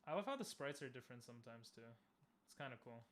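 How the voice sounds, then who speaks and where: A young man casually commenting on a game he is playing, chatting with viewers and bursting into loud cheers. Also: medium pitch, lively intonation, fast, a little hiss or hum. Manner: talks to chat, asks viewers questions. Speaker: streamer.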